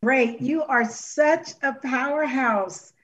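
A woman's voice: sits high, slow, a bit bright, husky, recorded from a distance. A woman coach giving effusive feedback to a singer, calling her honey and girl. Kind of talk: judge's feedback.

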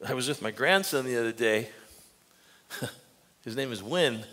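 An older man preaching a sermon as pastor, emphatic and earnest, often dropping to quiet, confiding asides. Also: medium pitch, animated, unhurried. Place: church sanctuary.

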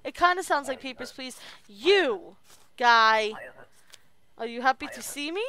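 A woman's voice: high-pitched, animated, unhurried, pushed and bright. A woman streaming a video game and commenting as she plays, often muttering to herself while she works. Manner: talks to herself while working, mutters under her breath. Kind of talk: let's play commentary.

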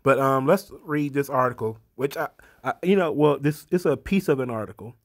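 A man's voice: mid-range voice, moderate pace, no echo. Blunt sarcastic man, dry close mic. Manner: blunt, sarcastic and dismissive, with frequent restarts. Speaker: online commentary host. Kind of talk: casual solo commentary.

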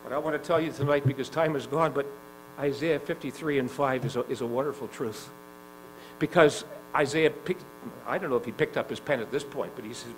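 A man preaching a sermon in a gospel hall, rising to loud urgent climbs and dropping to slow, soft lines, often repeating himself and asking the listeners questions. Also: mid-range voice, a little hiss or hum. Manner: repeats phrases, asks the congregation questions.

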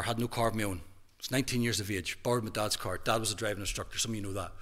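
A man in his fifties with a Northern Irish accent, a minister giving an emphatic testimony sermon in a church hall, dropping to a hush and then rising loud. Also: lowish voice, fast. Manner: emphatic preaching with big swings from hushed to loud.

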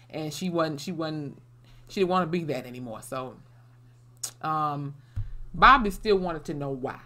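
A woman's voice: low voice, fairly bright tone. A woman casually recapping a TV episode, blunt and salty, with many "you know" fillers. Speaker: TV episode reviewer.

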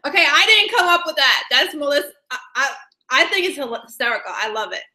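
Casting note: a woman with a bright, sharp voice, bubbly and giggly, greeting her live viewers. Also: high-pitched, very animated, fast. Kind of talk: casual live-stream chat. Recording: echoey room.

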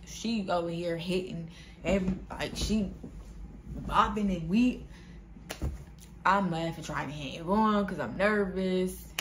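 A young woman vlogger telling a storytime to her viewers in an animated, slangy way, often calling them "y'all". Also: lowish voice, a little hiss or hum. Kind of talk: casual storytime vlog.

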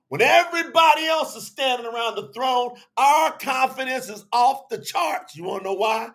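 A man preaching a livestreamed sermon, emphatic and call-and-response, shouting out to viewers by name and breaking into sudden shouts. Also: extremely high pitch. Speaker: preacher leading an online service.

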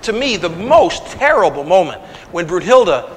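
A man giving a conversational lecture to an audience, animated and retelling scenes with quoted dialogue. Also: high-pitched, unhurried. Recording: long reverb of a lecture hall.

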